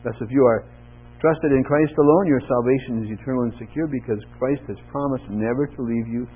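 A man's voice: fairly quick, slightly rough. A man preaching a sermon in church, reading verses and asking the congregation questions, his voice rising for emphasis. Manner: asks the congregation questions, rises in pitch and volume for emphasis. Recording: tinny narrow-band recording with mains hum.

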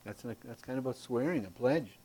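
Speaking briskly in a husky, mid-range voice, a man leads a Bible class from a handout. He's animated and folksy with playful asides, his volume swinging between emphatic and hushed.

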